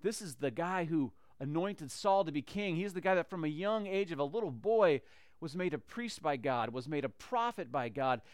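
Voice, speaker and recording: A man retelling a Bible story in a lively, conversational way, often restarting phrases. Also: fairly high pitch, moderate pace, no echo, clean studio sound.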